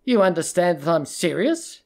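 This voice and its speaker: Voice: medium pitch, sing-song, moderate pace, a little mellow. A storybook reader voicing a distraught young woman who pleads and threatens in a tense, urgent way. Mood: pleading.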